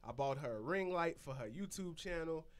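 A man co-hosting a podcast, chatting casually with deadpan, playful jokes. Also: on the high side, moderate pace. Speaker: podcast co-host. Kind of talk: casual chat.

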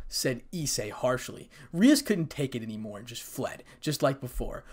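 A man narrating a fan fiction story in an expressive storytelling manner. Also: medium pitch, moderate pace, hardly any pauses.

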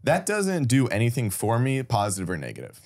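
A man's voice: mid-range voice, huge pitch swings, fairly quick, darkish tone. A man co-hosting a casual podcast chat, bluntly roasting and teasing his friend. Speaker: podcast co-host.

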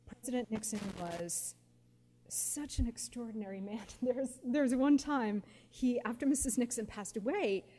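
A woman in her forties telling personal stories to an audience, lively and anecdotal, often quoting others with feeling. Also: fairly high pitch, measured pace. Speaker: guest speaker. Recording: long hall reverb, faint background noise.

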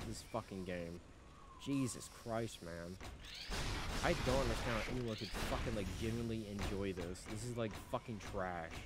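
A man's voice: fairly low pitch, noisy background. A young man commentating his gameplay, frustrated and swearing constantly as he rants at the game. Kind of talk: let's play commentary. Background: game music.

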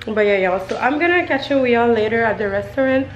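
A woman's voice: fairly high pitch, fast talker, muffled recording, soft background music. A young woman chatting casually in her beauty vlog, rambling and often calling out to her viewers. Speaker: beauty vlogger.

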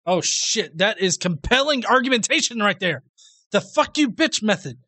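A man's voice: high voice, sing-song, normal speed, sharp tone, no echo. A man hosting a reaction commentary video, sarcastic and profane, laughing often at what he responds to.

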